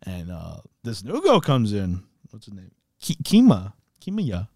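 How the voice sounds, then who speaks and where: A man's voice: fairly low pitch, wildly swooping pitch, a little slow, a little mellow, dry recording, studio quality. A man co-hosting a podcast, chatting casually about anime, laughing often and acting out characters' lines. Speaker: podcast co-host. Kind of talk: casual chat recapping anime.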